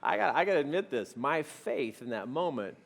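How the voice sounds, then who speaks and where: A middle-aged man telling a funny personal story to an audience, animated and self-mocking. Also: a little high, fairly quick, gravelly, long reverb tail.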